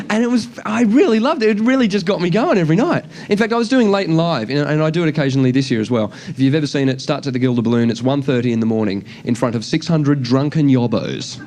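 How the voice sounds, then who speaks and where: High-voiced Australian comedian shouting punchlines. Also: male voice, fast. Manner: animated, shouting punchlines and imitating people. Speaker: stand-up comedian. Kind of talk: stand-up comedy storytelling. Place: live comedy venue with an audience.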